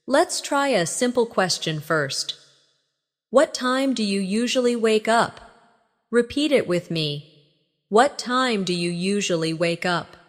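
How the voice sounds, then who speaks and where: A woman's voice: medium pitch, big-room sound. A woman teaching a scripted language lesson, reading example phrases and prompting the listener to repeat them. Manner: measured, instructive, models phrases for repetition. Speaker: English teacher.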